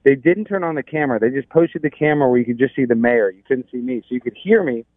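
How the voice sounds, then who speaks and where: A man's voice: medium pitch, fast talker, no echo. A man telling a rambling, exasperated story in casual chat, with many restarts. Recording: tinny phone line.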